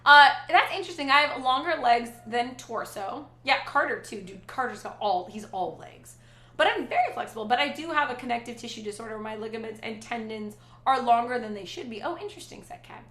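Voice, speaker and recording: A woman's voice: a little high, animated, a little fast, pushed and bright, reverberant. A middle-aged woman hosting a livestream, chatting casually and reading viewer comments aloud in a rambling way. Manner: chatty and rambling, with frequent restarts and asides. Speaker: livestream host.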